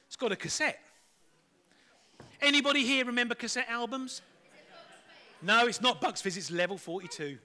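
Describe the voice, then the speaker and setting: A man's voice: very high voice, moderate pace, pauses often, bright, forceful tone. A middle-aged man giving a playful, chatty children's talk at church.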